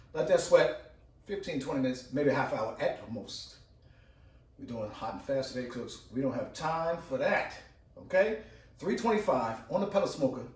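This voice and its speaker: A man hosting a casual cooking vlog outdoors at his grill, talking fast and chatty, repeating catchphrases to his viewers. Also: medium pitch, a little mellow. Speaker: home cook and channel host. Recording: roomy, distant camera audio with clear background noise.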